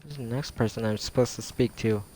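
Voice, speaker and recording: A man's voice: mid-range voice, fairly quick, mellow, a little hiss or hum. A man chatting casually to viewers while playing a video game, rambling and correcting himself. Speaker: let's play streamer. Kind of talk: casual gameplay commentary. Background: game music.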